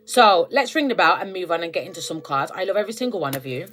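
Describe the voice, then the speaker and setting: A woman with a British accent and a lowish voice gives a casual spiritual tarot reading, speaking quickly and animatedly right to her viewers. She's chatty, constantly checking in with "all right?" and "okay?", and the recording is very noisy.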